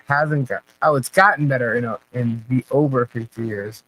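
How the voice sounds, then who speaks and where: A woman's voice: very deep voice, moderate pace, a bit bright, low-quality recording. A woman hosting a casual live chat, laughing often and asking puzzled questions as she reads viewer comments. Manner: laughs often, baffled questions, repeats herself.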